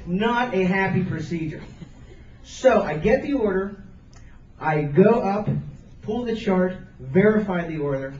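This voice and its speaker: A man's voice: high-pitched, lively intonation, measured pace, darkish tone. A man giving an earnest, emphatic motivational speech to students, repeating phrases for stress. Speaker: motivational speaker. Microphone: camcorder from the audience. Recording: roomy, distant, dull camcorder sound.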